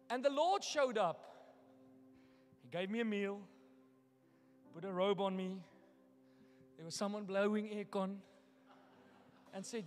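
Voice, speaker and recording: A male pastor preaching a sermon, moving from hushed, personal storytelling to loud, daring challenges to the congregation. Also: high-pitched, expressive, unhurried, pauses often, big-room sound, faint music behind. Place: church hall.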